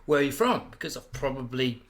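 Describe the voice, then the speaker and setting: An Australian man and comedian, telling profane, animated stories in a casual chat and getting loud when he acts out what people said. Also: mid-range voice, fairly quick. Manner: loud bursts when acting out quotes. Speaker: guest comedian.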